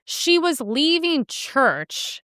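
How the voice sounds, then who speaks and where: A woman's voice: high-pitched, sing-song, drawn-out words, fairly bright tone, no echo, clean studio sound. A young woman hosting her own show, riffing sarcastically on news clips in a rambling, casual way full of fillers. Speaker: host.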